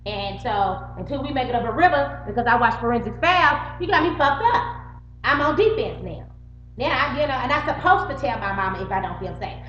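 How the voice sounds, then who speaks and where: A woman's voice: a little high, expressive, fairly quick, fairly bright tone, faint music behind. A middle-aged woman tells a story straight to the camera, swearing freely and acting out both sides of the argument. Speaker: vlogger. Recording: roomy, muffled home recording with faint hum.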